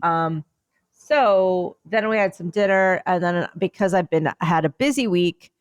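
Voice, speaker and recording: A woman co-hosting a podcast, chatting casually and telling a rambling, animated story. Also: fairly low pitch, measured pace, clear, resonant tone, no room sound. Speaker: podcast co-host. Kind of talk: casual chat.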